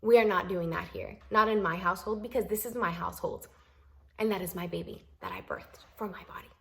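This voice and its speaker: A woman's voice: lowish voice, expressive, fairly quick, creaky. A young adult woman telling a personal story in a vlog, emphatic and exasperated, repeating points for emphasis. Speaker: vlogger.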